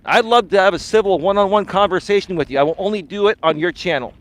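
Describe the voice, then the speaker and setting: A man's voice: sits high, fast, no echo. A male dating and life coach ranting on a live stream, confrontational and repeatedly calling his opponent bro and sir.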